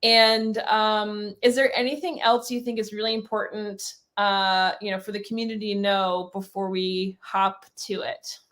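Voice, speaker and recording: A woman hosting a livestreamed panel, gushing and excitable, with fillers as she talks. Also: mid-range voice, measured pace, few pauses. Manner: gushing, excitable, self-described nerding out. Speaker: host. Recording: online video call.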